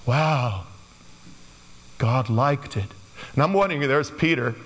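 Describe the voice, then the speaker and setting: A man's voice: mid-range voice, lively intonation, slow, a bit bright. A man preaching a sermon in a loose, conversational way, slipping into playful quoted asides. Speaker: pastor. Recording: long hall reverb.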